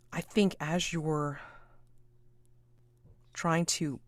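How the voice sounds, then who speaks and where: A woman narrating a tabletop mystery game as its game master, in a relaxed, chatty way with frequent fillers. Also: deep voice, no echo.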